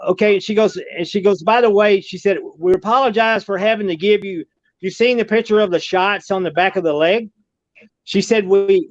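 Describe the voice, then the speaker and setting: A man with a fairly high voice spins a long, rambling tale, repeating himself as he goes. His folksy speech comes through a dull, lo-fi line with no room sound around it. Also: no room sound. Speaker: podcast guest recounting an alien encounter. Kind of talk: casual storytelling.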